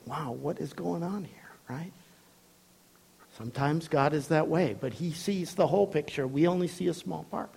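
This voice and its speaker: A man preaching a sermon, telling a story with animated voices and frequent laughs. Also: a little high.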